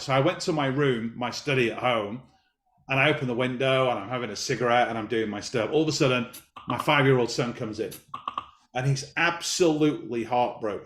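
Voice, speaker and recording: A man's voice: mid-range voice, a little fast, fairly bright tone, echoey room. A man in his fifties telling a personal story in an interview, talking emphatically and repeating his key phrases. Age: 50s. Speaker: business guest.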